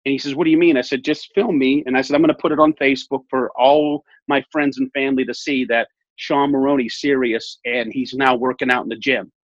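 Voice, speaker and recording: Talking fairly quickly with hardly a pause, a man in his thirties shares his weight-loss story as a guest in an interview. His mid-range voice stays casual and animated while he acts out dialogue and repeats phrases. Muffled lo-fi audio, with no room sound.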